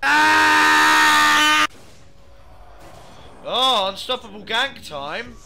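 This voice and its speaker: A man giving profane, excitable commentary over his own gameplay as host of a gaming video, talking into a gaming headset. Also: high-pitched, unhurried, heavy background noise. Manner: profane, excitable, yelling in bursts.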